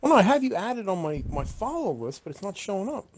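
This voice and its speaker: A man's voice: high-pitched, sing-song, fast talker, a little hiss or hum. A man chatting on a game stream, explaining menus and unlocks with stops and restarts. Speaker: co-player on stream. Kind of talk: casual live-stream chat.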